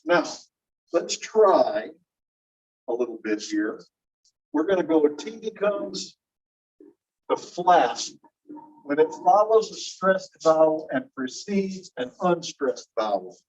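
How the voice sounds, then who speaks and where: A man teaching a linguistics class, explaining slowly and repeating key phrases while checking that students follow. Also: a little high, sing-song, a little mellow. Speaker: linguistics instructor. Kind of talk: classroom lecture. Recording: muffled distant classroom recording.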